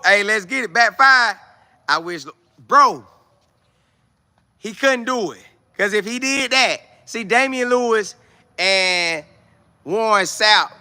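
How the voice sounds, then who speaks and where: A man talks animatedly to his livestream chat and answers viewers as he goes. His voice is very bright and sits a little high. The delivery is loose, casual commentary. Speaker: livestream host.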